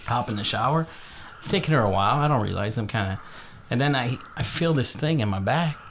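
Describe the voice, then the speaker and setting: A man's voice: mid-range voice, animated, a little fast, fairly bright tone. A man co-hosting a podcast tells a story in loose, casual chat. He laughs often and swears freely. Faint background noise sits under his voice. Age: adult, father of young kids. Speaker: podcast co-host.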